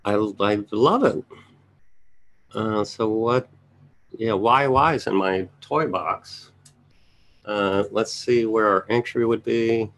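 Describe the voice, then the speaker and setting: A man's voice: lowish voice, takes it slowly, pauses often, a bit bright. A man giving casual live market commentary, thinking aloud as he scans charts and making chatty asides to his viewers. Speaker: trading educator reviewing charts.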